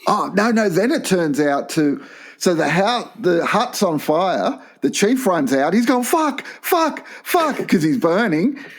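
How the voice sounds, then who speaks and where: A man co-hosting a crude comedy podcast, tossing in deadpan quips and shouted punchlines. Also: on the high side. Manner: quick deadpan interjections, lively shouted bits. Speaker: podcast co-host.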